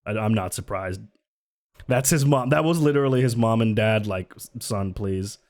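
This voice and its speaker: A streamer giving sarcastic, laughing, animated commentary on a live stream. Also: mid-range voice, normal speed.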